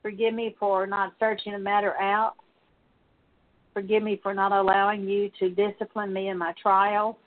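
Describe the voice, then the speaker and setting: A woman minister leads a spoken prayer of confession aloud, delivering it as a steady litany of repeated petitions. Her mid-range voice moves at normal speed, and the recording sounds tinny, like a phone.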